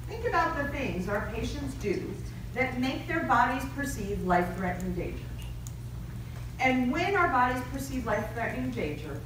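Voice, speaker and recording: A middle-aged woman giving a lively conference keynote and asking her audience questions. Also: fairly high pitch, background noise. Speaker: keynote speaker. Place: large conference hall. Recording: echoey hall, mic from far off.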